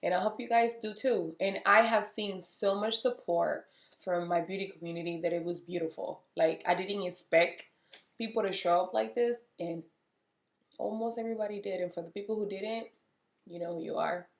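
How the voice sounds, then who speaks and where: A woman's voice: mid-range voice, normal speed, roomy sound. A woman in her thirties, telling stories to camera in a candid vlog style and acting out both sides of the conversations. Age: 30s. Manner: candid storytelling, acting out dialogue. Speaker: beauty vlogger. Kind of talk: casual vlog monologue.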